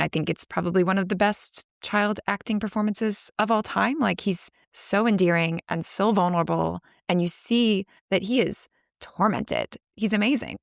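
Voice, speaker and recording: A woman's voice: fairly low pitch, vocal fry, no room sound, studio quality. A woman co-hosting a podcast, chatting enthusiastically about a film, analyzing it and laughing often. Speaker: podcast co-host. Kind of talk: casual movie discussion.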